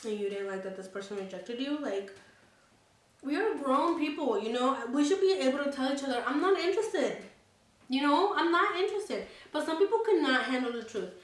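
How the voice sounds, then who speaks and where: A woman's voice: high voice, animated, a little fast, recorded from a distance. Chatty young woman in an echoey room. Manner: chatty, candid, laughing often, swears freely. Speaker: vlogger. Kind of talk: casual storytime vlog. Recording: echoey room, away from the mic.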